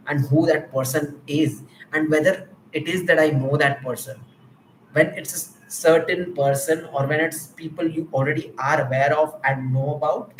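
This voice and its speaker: A man's voice: a little high, echoey room, a little hiss or hum, poor audio. A man with an Indian accent thinking aloud on an unscripted live stream, rambling and reflecting on himself. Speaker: livestreamer. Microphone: mic with camera.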